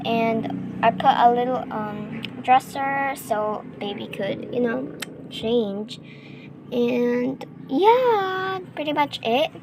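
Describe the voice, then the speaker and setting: A young woman casually narrating her gameplay, rambling with lots of fillers and excited gasps. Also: fairly high pitch, takes it slowly, background noise. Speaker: gaming vlogger. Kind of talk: casual game commentary.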